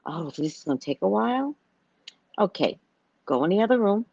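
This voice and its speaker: A woman's voice: mid-range voice, big pitch swings, a little fast, gravelly, long pauses, a little mellow, slightly rough, no room sound, highs cut off. An older woman talking casually to her viewers as host of a live show, telling stories and acting out the voices of people she quotes.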